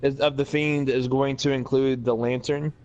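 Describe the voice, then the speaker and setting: A young man co-hosts a casual podcast, chatting easily with a dry, teasing sense of humor. He talks in a relaxed, offhand way. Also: mid-range voice, normal speed, dull audio. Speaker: podcast co-host. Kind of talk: casual chat.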